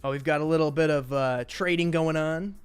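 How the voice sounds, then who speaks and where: A man's voice: on the high side, steady tone, a little fast, clean tone, soft background music. Chatty New York man casting a game. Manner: chatty, rambling asides to viewers. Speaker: tournament host and spectator caster. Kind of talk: live-streamed game commentary.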